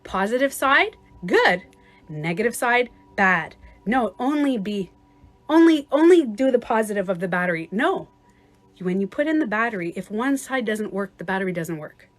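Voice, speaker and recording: A woman life coach giving a casual livestream talk, chatty and quick to laugh, acting out little scenarios as she explains. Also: mid-range voice, lively intonation.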